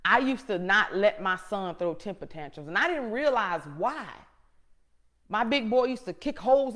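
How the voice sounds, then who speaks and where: A middle-aged woman hosting a show, giving an impassioned, preacher-like motivational talk that repeats phrases for emphasis and swings between hushed and loud moments. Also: mid-range voice, expressive, moderate pace. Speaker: show host.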